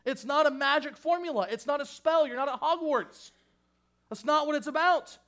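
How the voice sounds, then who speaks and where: A male pastor with a strikingly high voice preaches at a moderate pace, emphatic and insistent, repeating key phrases for force. His delivery swings between raised fervor and hushed, earnest lows.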